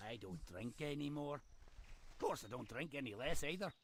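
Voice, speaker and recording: A man's voice: medium pitch, expressive, moderate pace, a bit bright. An actor voicing a jovial, hard-drinking male dwarf in a video game, delivering boisterous jokes. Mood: joking. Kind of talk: video game character voice lines. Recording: game audio with background noise.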